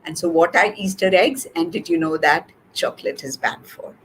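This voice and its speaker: A woman's voice: lowish voice, moderate pace, slight background noise, low-quality recording. A woman reading a children's picture book aloud in a webinar, adding chatty asides to her audience. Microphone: video call.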